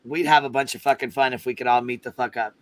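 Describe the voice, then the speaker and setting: A woman hosting a casual livestream chat, loud and profane, laughing often. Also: extremely low pitch, steady tone, fast talker. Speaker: livestream host.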